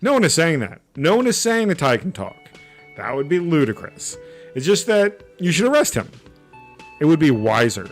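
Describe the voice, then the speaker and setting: A man's voice: a little high, sing-song, moderate pace, faint music behind, voice pushed up. A man doing a sly talking necktie. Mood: scheming. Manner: insistent, conspiratorial.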